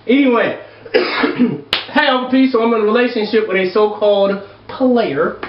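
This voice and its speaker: Advice host, male, high voice, loud exasperated rants full of cursing, lo-fi echoey recording. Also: unhurried, recorded from a distance. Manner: exasperated, loud, profane ranting. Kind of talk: reading and reacting to viewer letters. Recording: echoey room, dull lo-fi sound.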